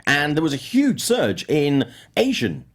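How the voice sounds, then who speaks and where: Animated British man hosting a chat. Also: fairly high pitch, measured pace. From United Kingdom. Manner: animated, rambling with many fillers. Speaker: podcast host. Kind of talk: casual panel chat about film news.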